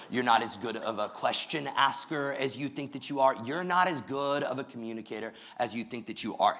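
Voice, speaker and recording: A man with a bright, forceful voice delivers a lively sermon to his congregation. He speaks directly and with energy, dropping in quick jokes as he goes. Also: on the low side. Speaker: pastor.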